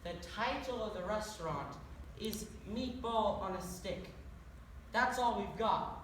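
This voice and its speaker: A woman's voice: mid-range voice, measured pace, lightly acted. Curtis, a woman doing a sarcastic Irish leprechaun. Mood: exasperated. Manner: sarcastic, hot-tempered. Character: short grumpy adult male leprechaun. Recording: echoey room, distant mic, noisy.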